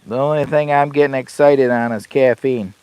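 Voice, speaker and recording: A man's voice: medium pitch, fairly even intonation, normal speed, a little mellow, clean tone, no room sound. An older man hosting a camping channel livestream, chatting in a rambling, folksy way from inside a heated tent. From Michigan. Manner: rambling, folksy, talks to chat and his dog. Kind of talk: casual livestream chat.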